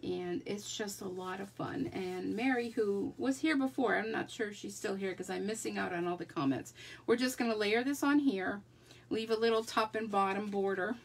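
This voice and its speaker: A woman's voice: mid-range voice, moderate pace, creaky, breathy edge. A woman chatting her way through a live card-making demonstration, talking to herself as she works. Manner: chatty, talks to herself while working.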